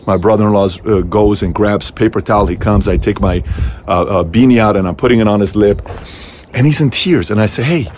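A middle-aged man hosting a motivational talk to camera, telling a personal story with animated leaps in his voice. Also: fairly quick, slight background noise. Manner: animated storytelling, voice jumping high on key moments. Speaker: host.

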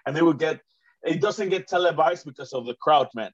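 Host with rambling, excited talk. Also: male voice, on the high side, a little fast, husky. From Mexico. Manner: rambling, many fillers and restarts, enthusiastic. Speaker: host and comedian. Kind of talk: casual chat. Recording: dull, muffled recording.

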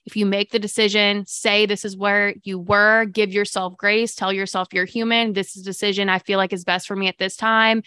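A woman's voice: medium pitch, bright, forceful tone, clean tone, no echo, studio quality. A woman hosting a live morning podcast, chatting casually and upbeat with viewers, with many fillers. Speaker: livestream podcast host.

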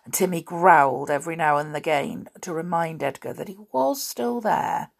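A woman reads a children's adventure novel aloud, breaking off for chatty asides and clearing her throat often. Her voice is low-pitched and moves at a normal speed.

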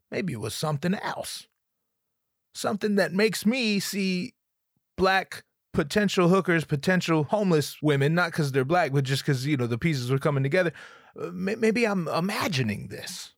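A man's voice: fairly high pitch, dry recording, clean studio sound. A young adult man, a comedian, telling a comedic story with stammering restarts, acting out other people's voices.

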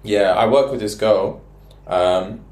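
A young man, telling animated stories in a casual chat and laughing often. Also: fairly low pitch, slow pace. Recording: echoey room.

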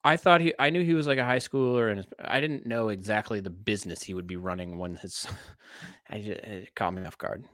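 A man's voice: lowish voice, brisk, fairly bright tone, dry recording, studio quality. A man co-hosting a movie podcast, chatting casually and giving enthusiastic opinions. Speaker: podcast co-host. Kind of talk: casual chat.

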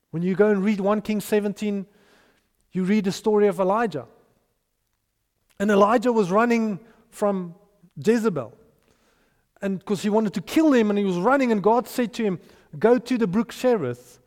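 A man preaching a sermon as pastor, emphatic, sometimes raising his voice when acting out scripture. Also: high voice. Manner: emphatic, rising to shouts for quoted voices. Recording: long hall reverb.

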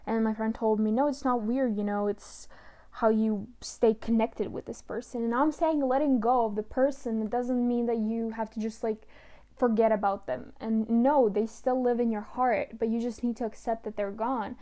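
Young woman, low-key and halting. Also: steady tone, mellow. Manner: emotional, halting, apologetic. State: close to tears. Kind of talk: personal monologue.

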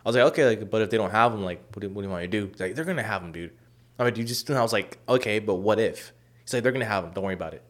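A young man in casual chat, telling a long story with many fillers and profanity, acting out quoted lines loudly. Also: on the low side, racing.

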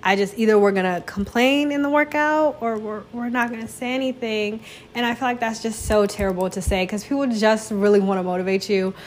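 A woman's voice: fairly high pitch, fairly even intonation, brisk, a little hiss or hum. A young woman hosting a casual solo talk show, chatty and self-deprecating, jumping into exaggerated voices when she quotes people. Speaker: podcast host.

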